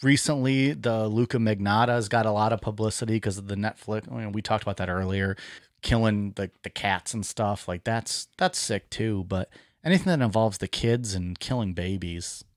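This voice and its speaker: A man's voice: fairly low pitch, moderate pace, no echo, studio quality. A man co-hosting a podcast in casual chat, blunt and laid-back, swearing freely. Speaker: podcast co-host.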